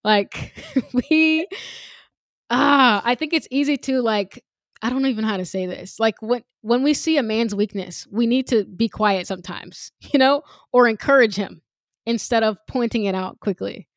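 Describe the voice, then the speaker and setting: A woman's voice: on the high side, normal speed, no echo. Reflective woman podcast host, dry sound. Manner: reflective, thinks aloud with light laughs. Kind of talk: casual chat.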